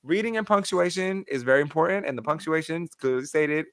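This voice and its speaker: A man hosting a podcast, telling stories in lively casual chat full of fillers. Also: a little high, quick pace, clean tone, dry recording, clean studio sound. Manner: animated storyteller, many filler likes. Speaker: podcast host.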